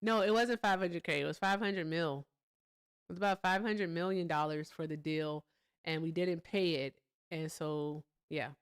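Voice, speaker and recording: Speaking at normal speed in a steady, clean, lowish voice, this woman hosts a casual political commentary livestream. Her delivery is blunt and profane, with breaks between points to chat with her audience.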